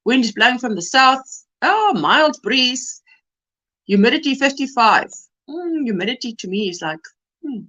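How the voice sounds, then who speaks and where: Woman hosting a craft livestream, high voice, bouncy and chatty, says hi to everyone by name. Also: big pitch swings, unhurried. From South Africa. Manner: chatty, greets viewers warmly by name; reads weather reports aloud. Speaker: livestream host. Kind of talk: casual chat reading comments aloud.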